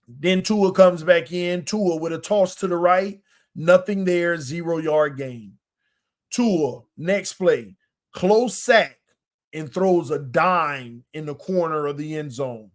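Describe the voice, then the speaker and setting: A man hosting a casual sports podcast, breaking down plays in an emphatic, colloquial way and repeating points for effect. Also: fairly high pitch.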